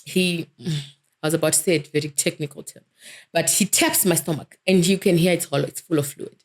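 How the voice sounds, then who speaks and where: A woman, a dentist telling her personal story as an interview guest in a vivid, animated way. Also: low voice, a little fast. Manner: vivid, animated storytelling, self-described vocal.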